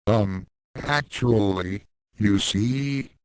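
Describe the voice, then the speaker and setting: Meek, stammering teenage boy, voiced by a male storyteller, low and unhurried. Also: clean tone. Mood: nervous. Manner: hesitant, stammering with fillers.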